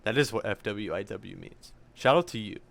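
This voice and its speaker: A man's voice: fairly low pitch, lively intonation, normal speed, creaky. A young man co-hosting a podcast, giving rambling, jokey thank-yous to listeners. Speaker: podcast co-host. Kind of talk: casual chat, listener shout-outs.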